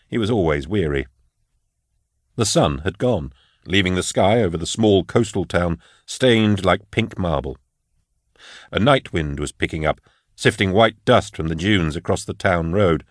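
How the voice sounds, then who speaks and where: Low-voiced guy narrating an audiobook, steady measured read, dry close mic. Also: dry recording.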